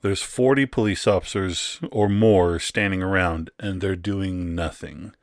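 A man, co-hosting a podcast, talking through a movie in a halting, casual way with many restarts and easy laughs. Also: low voice, dry recording, studio quality. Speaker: podcast co-host. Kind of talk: casual movie review chat.

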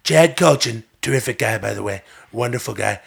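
A man's voice: mid-range voice, brisk, creaky, fairly bright tone, husky, pitched below the performer's own voice, heavily acted. A man putting on a boastful, pompous older politician who repeats grand superlatives. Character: blustering older male politician impression, boastful.

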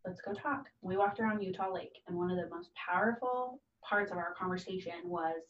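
A woman's voice: fairly low pitch, a little fast. Earnest mother in an echoey room. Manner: earnest, heartfelt, acts out quoted voices. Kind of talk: casual conversation. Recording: dull, distant, echoey room.

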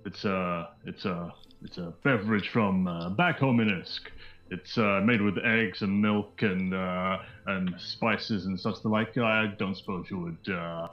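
A man's voice: deep voice, measured pace, echoey room, muffled recording. A man voicing a polite, fussy trunked creature cleric who talks hesitantly. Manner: hesitant, genteel, full of hesitations.

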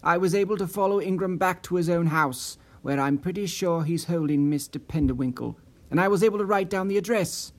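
A man's voice: high-pitched, fairly quick. A man voicing an eager, earnest young man who speaks with a raised, hopeful voice. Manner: eager, earnest, slightly breathless. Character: eager, anxious young man, associate of a missing man.

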